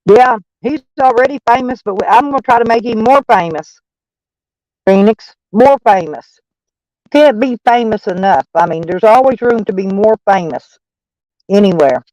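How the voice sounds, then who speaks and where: Texan woman streamer, loose and profane, mid pitch, dry sound. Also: lively intonation, moderate pace, a little mellow, no room sound, low-quality recording. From Texas. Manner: rambling, profane, folksy. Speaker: live streamer. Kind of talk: casual live-stream chat.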